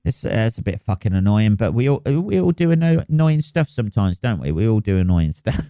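A man's voice: fairly low pitch, very animated, a little fast, dark tone, smooth, no room sound, studio quality. A man hosting a solo podcast, rambling and swearing with lots of ums and restarts. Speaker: podcast host.

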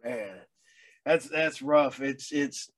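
A middle-aged man speaking as a guest in a casual chat, halting and repeating words with a wry edge. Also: medium pitch.

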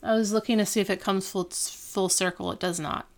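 A woman with a medium-pitched voice talks a little fast while co-hosting a podcast. In a casual chat, she recaps a TV episode with animated energy, acting out what the characters said.

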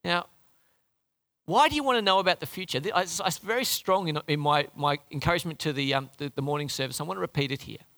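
A man preaching a sermon in an animated, conversational way, often restarting his phrases. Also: fairly high pitch, quick pace, gravelly.

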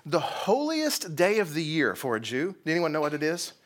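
A man's voice: on the high side, normal speed. A man from Texas preaching a sermon, telling a story with energy and asking his listeners questions. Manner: animated storytelling, asks the congregation questions. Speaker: pastor.

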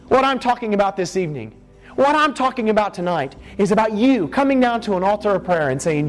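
A man in his twenties preaching an altar call, impassioned and pleading, moving between hushed appeals and urgent outbursts. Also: high-pitched, lively intonation, fairly quick, faint music behind. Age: 20s.

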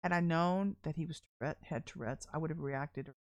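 A middle-aged woman minister telling personal stories in a sermon, chatty and animated, often laughing as she talks. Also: low-pitched, fairly quick, dull audio. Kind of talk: candid storytelling sermon.

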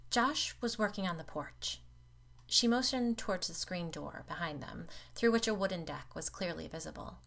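A woman narrating a first-person story in a measured, steady way. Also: on the low side, gravelly.

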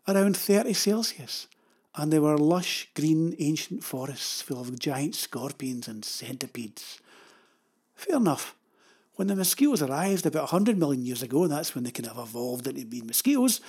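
A man's voice: high-pitched, a little mellow, breathy edge. An older man with a Scottish accent, telling rambling, wry stories about his travels. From Scotland. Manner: chatty, digressive, wry. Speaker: storyteller. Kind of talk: rambling anecdotal narration.

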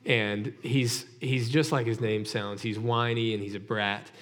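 A man's voice: on the low side, steady tone, measured pace, fairly bright tone. A male pastor preaching a sermon in a conversational way, asking his listeners direct rhetorical questions. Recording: long hall reverb.

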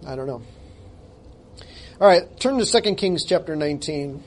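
A man's voice: a little high, animated, normal speed. A male pastor preaching a sermon, reading scripture aloud and speaking in an emphatic, conversational way with jokes at his own expense.

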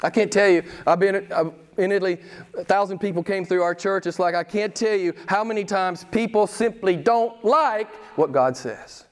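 A male pastor with a notably high voice preaches with emphasis, putting questions straight to his listeners. His tone climbs to sudden excited peaks, then drops back to earnest, direct talk. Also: normal speed. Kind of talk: sermon. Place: church.

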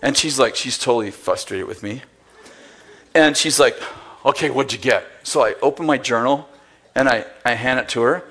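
A man's voice: mid-range voice, normal speed, fairly bright tone. A man preaching a sermon, telling a story with acted-out dialogue and bursts of laughter. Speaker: pastor.

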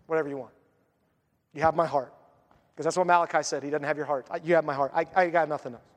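A man's voice: fairly high pitch, fast talker, big-room sound. A man preaching a sermon as a pastor, earnest, and voicing the people he quotes.

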